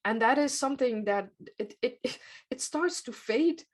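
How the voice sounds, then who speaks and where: A woman's voice: sits high, lively intonation, measured pace. A woman hosting a podcast interview, thinking aloud as she searches for words and laughing often. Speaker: podcast host. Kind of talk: conversational interview.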